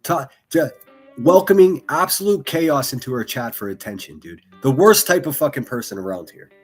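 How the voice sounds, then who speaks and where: A man streaming profane, mocking reaction commentary with a husky voice. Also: mid-range voice, expressive, moderate pace, soft background music. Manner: mocking, ranting, heavy swearing.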